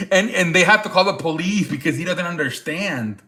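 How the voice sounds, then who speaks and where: A man's voice: high voice, unhurried, long pauses, sharp tone. A man hosting a casual livestream, chatting loosely with cursing and laughter and greeting viewers by name. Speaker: livestream host.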